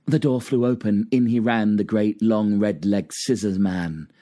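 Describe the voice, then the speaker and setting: A man's voice: fairly low pitch, measured pace, hardly any pauses, dark tone, no room sound, clean studio sound. A man reading old cautionary children's verse aloud in a dramatic, rhythmic recitation. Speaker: reader.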